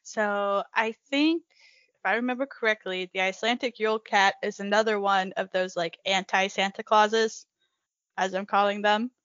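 A woman's voice: medium pitch, steady tone, moderate pace, a bit bright, no echo. A young woman co-hosting a casual podcast, giggly and a little hesitant. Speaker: podcast co-host. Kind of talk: casual chat. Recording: dry, dull lo-fi mic.

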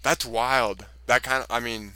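A man's voice: mid-range voice, fairly even intonation, unhurried, pushed and bright, smooth, no echo. A young man in casual chat, reacting with laughs and exclamations.

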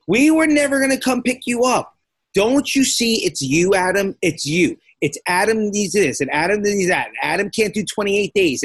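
An exasperated wife laughs and scolds in a mocking, repetitive singsong, as her husband puts her on. The voice rises well above the man's own register and grows louder and brighter. The recording stays dry and close, with no room sound behind it. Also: sits high, husky, no echo, voice pushed up.

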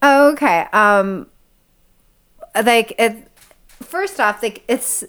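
A woman's voice: fairly high pitch, very slow, clean tone. A woman in her thirties from Southern California, co-hosting a podcast in casual chat, telling stories with lots of laughter. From Orange County, California. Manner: giggly, animated storyteller. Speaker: podcast co-host.

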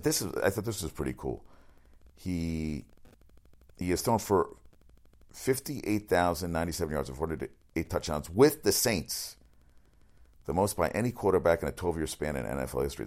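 A man running through sports news as a radio host, rambling, excitable and swearing often. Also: low voice, brisk, creaky. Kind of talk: casual sports news rundown.

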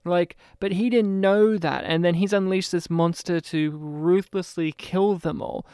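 High-voiced man chatting about films. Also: smooth, no echo, studio quality. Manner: animated, rambling, quick to mimic characters. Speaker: film podcast co-host. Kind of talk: casual film review chat.

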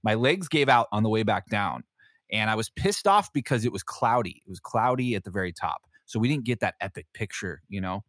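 A man's voice: lowish voice, animated, fairly quick, a bit bright, no room sound, clean studio sound. A man, a Navy veteran hosting a podcast, telling a story casually with lots of fillers, swearing and laughter. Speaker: podcast host.

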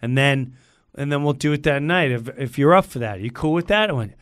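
Bright-voiced man telling an animated story. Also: mid-range voice, a little fast, no room sound, clean studio sound. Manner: acts out other people's lines in quoted voices.

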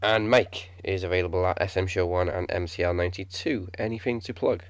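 A man hosting a casual wrestling podcast, reading show announcements in a flat, robotic way. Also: low-pitched, fairly quick, no echo, clean studio sound. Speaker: podcast host.

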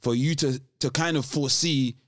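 A man co-hosting a podcast in casual chat, animated, often restarting his sentences. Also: medium pitch, moderate pace, dry recording, clean studio sound. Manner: animated, restarts often, laughs between points. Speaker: podcast co-host.

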